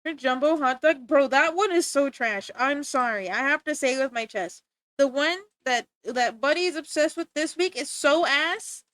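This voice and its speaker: Woman streamer, high bright voice, giggly and playful, dry close sound. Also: normal speed, dry recording. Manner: giggly, playful, exaggerated complaints. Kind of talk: casual live-stream chat while drawing.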